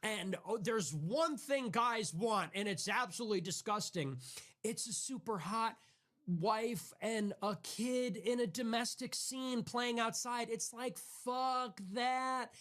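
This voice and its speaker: A man's voice: very high voice, slow, fairly bright tone. A man ranting in a livestream monologue, exasperated and sarcastic, in a clip played on another stream. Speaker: political streamer.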